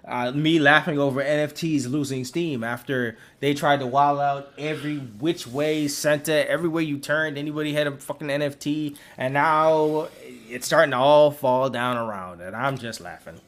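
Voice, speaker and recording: A man's voice: a little high, fairly even intonation, moderate pace, few pauses, a bit bright. A man co-hosting a podcast in casual chat, slangy and profane, laughing often. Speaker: podcast co-host.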